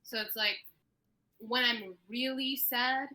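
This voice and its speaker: A woman's voice: a little high, fairly even intonation, slow, bright, forceful tone, low-quality recording. A woman in her twenties co-hosting a podcast, speaking candidly in casual chat. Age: 20s. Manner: candid, laughs easily. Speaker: podcast co-host.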